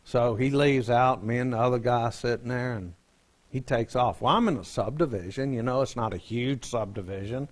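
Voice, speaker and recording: A man's voice: medium pitch, normal speed. A man, a pastor telling a joking, folksy story in a sermon.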